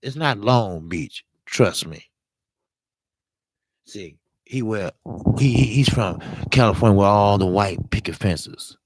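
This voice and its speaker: A man hosts a live-streamed boxing talk show, hoarse from talking all day, greeting viewers as he gives blunt, emphatic, profane commentary. His voice is lowish and slow, with no echo.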